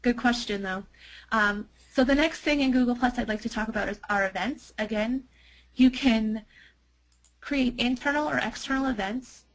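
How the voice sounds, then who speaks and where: A woman runs through a business software demo in a webinar. She talks in a chatty way, with plenty of ums and restarts. Her fairly high voice has a gravelly, fry-tinged edge. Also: moderate pace, low-quality recording. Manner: chatty, many fillers and restarts. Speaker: marketing presenter.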